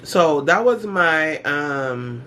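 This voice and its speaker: A middle-aged woman vlogger in casual storytime chat, talking in an animated, slangy way with dramatic asides. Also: sits low, extremely slow, slight background noise.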